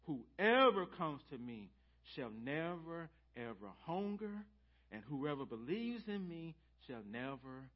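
A man preaching a sermon, swinging from loud emphasis to hushed near-whispers. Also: fairly high pitch, very animated, a little slow. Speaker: pastor. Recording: slightly dull lo-fi church audio.

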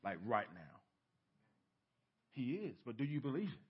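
A man preaching a sermon as pastor, dropping to hushed lows and rising to emphatic peaks, with many rhetorical questions to the congregation. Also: big pitch swings, normal speed, husky, highs cut off. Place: church sanctuary.

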